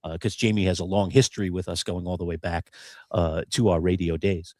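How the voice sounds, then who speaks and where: A man's voice: low-pitched, level tone, a little fast, a little mellow, dry recording, clean studio sound. A man co-hosting a live podcast, telling a long story with many fillers. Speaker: co-host.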